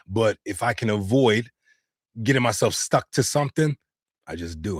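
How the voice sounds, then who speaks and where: A man's voice: fairly low pitch, husky, no echo, studio quality. An American man and voice actor chatting casually on a live stream, answering viewer comments with loose slang. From United States. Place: home studio.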